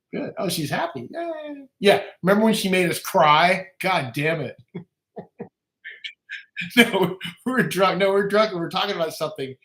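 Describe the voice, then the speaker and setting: A man's voice: a little high, fairly bright tone. Profane, rambling man on a livestream. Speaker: livestream guest. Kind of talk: casual livestream chat. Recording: echoey room.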